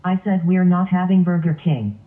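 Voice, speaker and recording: A man's voice: sits high, normal speed, lightly acted. Man voicing a stern scolding lion. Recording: tinny phone-like sound.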